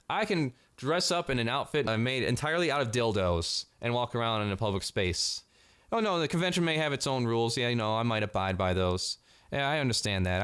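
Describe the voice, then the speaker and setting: Male vlogger, mid-pitched, sarcastic and foul-mouthed, exasperated ranting commentary. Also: fairly bright tone, smooth. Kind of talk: commentary rant.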